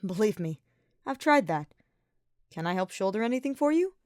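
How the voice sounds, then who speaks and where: A woman's voice: mid-range voice, big pitch swings, moderate pace, no echo, clean studio sound, lightly acted. A woman reading the lines of a playful, confident young male knight with a smirking delivery. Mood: teasing.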